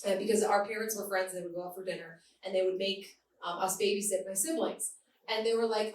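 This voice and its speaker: A woman's voice: medium pitch, fairly even intonation, a little fast, far from the mic. A woman from the Boston area doing candid, self-mocking stand-up comedy on a club stage, laughing often. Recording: roomy live club, heard from afar.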